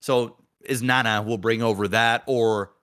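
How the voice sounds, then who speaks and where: A man hosting a podcast, chatting casually and telling a story in a lively, profane way about his son. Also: medium pitch, unhurried, clear, resonant tone. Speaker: podcast host; father.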